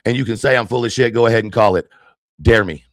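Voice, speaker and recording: A man's voice: mid-range voice, fast talker, dry recording, studio quality. An angry man ranting on his livestream, heated, profane and confrontational.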